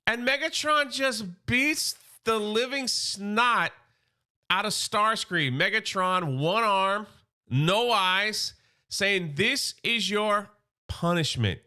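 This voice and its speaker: A man recapping a comic book in a casual, slangy, excited way. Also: high voice, slow pace, clear, resonant tone.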